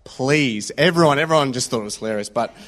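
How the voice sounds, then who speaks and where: A man's voice: mid-range voice, fast, fairly bright tone. A man giving an informal, conversational sermon full of personal stories, often checking in with the listeners. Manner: conversational, anecdotal, checks in with "yeah?". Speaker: preacher.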